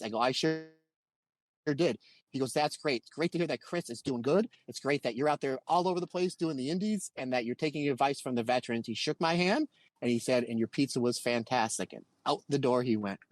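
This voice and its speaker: In this dry, echo-free clip, a podcast co-host from Pennsylvania speaks fairly quickly in a fairly high voice. He spins a lengthy anecdote over casual conversation, performing each quote with energy.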